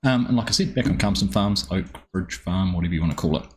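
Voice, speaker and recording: A man's voice: sits low, expressive, fast, a little hiss or hum. A man streaming a farming game live, chatting easily and greeting viewers by name with plenty of ums.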